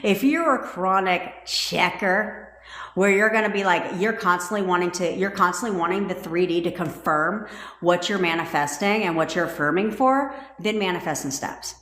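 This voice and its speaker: A woman coaching her livestream audience in a loose, chatty way. She is blunt and swears freely, and she jumps between excited bursts and flat asides. Her voice sits fairly low and echoes around a roomy space. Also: moderate pace. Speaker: manifestation coach. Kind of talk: casual livestream talk.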